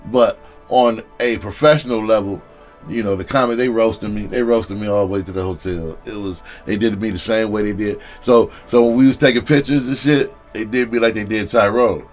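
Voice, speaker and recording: A man with a very low voice tells a stand-up story in a loose, casual way. His talk is profane and full of laughter, with plenty of "you know what I'm saying". Faint music plays underneath. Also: steady tone, moderate pace. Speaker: comedian.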